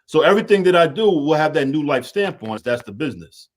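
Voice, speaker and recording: A man's voice: a little high, expressive, quick pace. A man talking as a guest in a casual call-in chat, in a laid-back, streetwise way with many fillers. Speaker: guest, media and water business owner. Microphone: call-in line.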